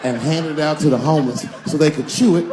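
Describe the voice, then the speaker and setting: A man doing stand-up comedy, telling a story with lively, acted-out quotes. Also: fairly high pitch, fast, background noise.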